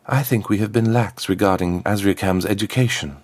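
A man voicing a calm, soft-spoken dragon queen in human form in a story reading. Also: on the low side, brisk, no room sound, voice pushed up, natural voice. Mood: composed. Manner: soft, composed. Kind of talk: audiobook character voice.

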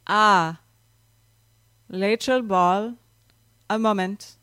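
A woman's voice: mid-range voice, steady tone, very slow, smooth, no echo. A woman voicing a strange temple clerk whose sex is unclear, with a reedy, hollow, accented voice and formal, polite speech. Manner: formal, polite, loud and distant.

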